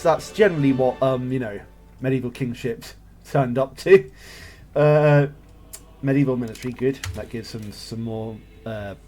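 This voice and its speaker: Speaking at a medium pitch with a slightly mellow quality, this gameplay streamer talks casually through his own strategy moves and cracks jokes along the way. He's recording live on voice chat from his home setup.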